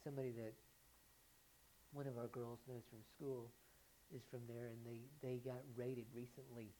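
A woman preaching a sermon who keeps asking the listeners questions and builds to loud, emphatic peaks. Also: very deep voice, level tone, moderate pace, a little hiss or hum, low-quality recording.

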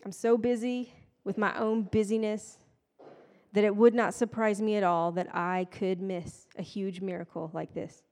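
A woman's voice: mid-range voice, fairly even intonation, unhurried, darkish tone. A woman giving a casual, conversational sermon with playful, self-deprecating asides. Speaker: preacher. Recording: long hall reverb.

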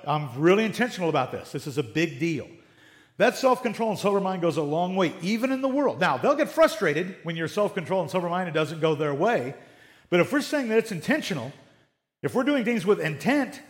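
A middle-aged man preaching a sermon in a conversational way, acting out little everyday dialogues. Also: on the high side. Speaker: pastor.

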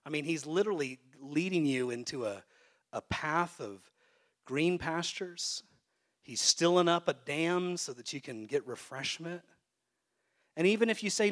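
A man who is a pastor, preaching a sermon to a congregation and swinging between hushed, soft phrases and loud, emphatic peaks. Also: a little high, lively intonation, measured pace. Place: church sanctuary.

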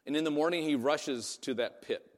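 A man's voice: on the high side, a little fast, big-room sound. A man preaching a sermon in a casual, conversational way, often asking "right?" to his listeners. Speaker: pastor.

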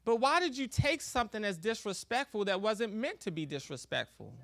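A man preaching a sermon in a relaxed, conversational way, laughing often and acting out little quoted exchanges. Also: high-pitched, a little fast, creaky, no room sound. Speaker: pastor.

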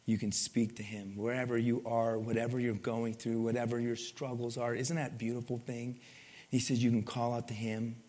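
A man's voice: mid-range voice, level tone, moderate pace, dark tone. A man preaching a sermon in a conversational way, often asking his listeners for an amen. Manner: conversational, asks the crowd for amens. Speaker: pastor. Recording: long hall reverb.

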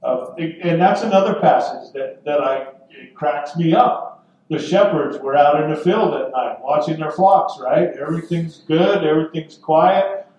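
A man preaching a sermon as pastor, earnest and deliberate, with dramatic pauses. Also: a little high, a little mellow, lo-fi sound. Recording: echoey room from far off.

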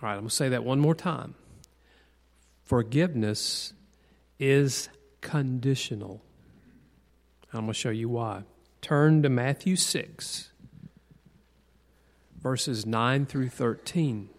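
A man's voice: medium pitch, measured pace, pauses often. A man teaching a Bible class in a conversational sermon style, asking the group questions and repeating key points for stress. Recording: long hall reverb.

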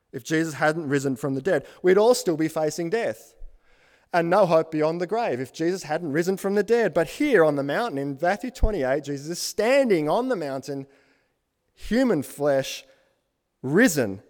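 A man's voice: a little high, darkish tone, in a large hall. A man preaching a sermon as pastor, building emphatic lists and asking the congregation questions.

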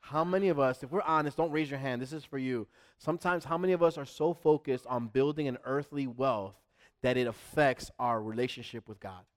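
A man's voice: medium pitch, brisk. Emphatic middle-aged preacher man. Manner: emphatic, repeats words, swings from loud to hushed. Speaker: pastor. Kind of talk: sermon.

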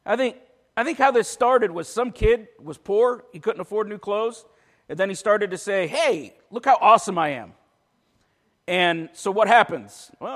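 Man, pastor, high voice, sermon, jokey asides then forceful, long church reverb. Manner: joking asides that build to forceful preaching.

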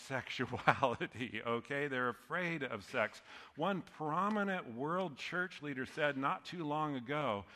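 A man's voice: medium pitch, bright, forceful tone. A man preaching a sermon as pastor, conversational and joking, often laughing at his own lines. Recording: long hall reverb.

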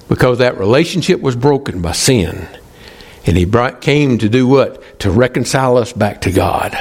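A male pastor, preaching emphatically, slowing and pausing for stress. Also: mid-range voice. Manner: emphatic, pleading with pauses. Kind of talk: sermon.

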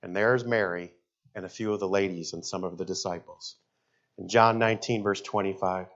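A middle-aged man, a pastor preaching a sermon in an animated, jokey way. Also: low voice, normal speed, muffled recording. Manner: animated, jokey, shouts in acted quotes.

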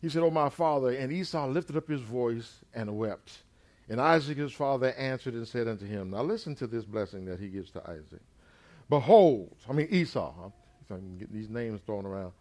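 A man preaching a sermon. He retells a scripture story in his own words, dropping in "amen" and swinging between loud and quiet. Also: medium pitch, a little fast.

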